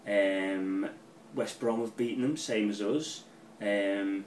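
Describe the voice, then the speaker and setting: A middle-aged man giving a casual, rambling football match preview, excitable and swearing freely. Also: on the low side, takes it slowly, distant mic, slight background noise. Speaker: football fan channel pundit. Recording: roomy, off-mic with faint ambience.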